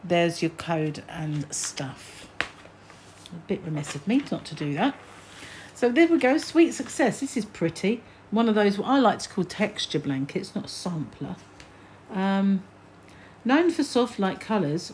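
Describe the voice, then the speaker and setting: A woman's voice: mid-range voice, lively intonation, measured pace, a little mellow, slight background noise. An older British woman hosting a crochet channel, chatting casually as she reads magazine snippets aloud and adds musing asides. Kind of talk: casual magazine flick-through chat.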